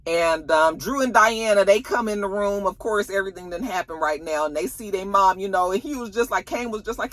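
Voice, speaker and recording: A woman, recapping a TV episode in animated, dramatic, slangy storytelling. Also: mid-range voice, normal speed, few pauses, dry recording. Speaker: TV recap vlogger. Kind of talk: casual recap chat.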